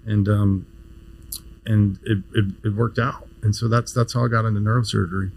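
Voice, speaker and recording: A man in his fifties, a neurosurgeon guest on a podcast, telling a story in a casual, animated way with many restarts. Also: fairly low pitch, normal speed, vocal fry, rough recording. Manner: animated storyteller, frequent restarts, laughs easily.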